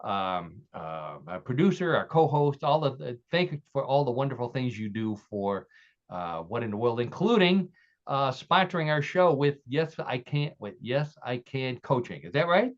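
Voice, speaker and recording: A man's voice: mid-range voice, big pitch swings, normal speed. Male podcast host, chatty and loose, dull lo-fi sound. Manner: chatty, with restarts. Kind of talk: casual podcast hosting, reading quiz stories. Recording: dull lo-fi audio.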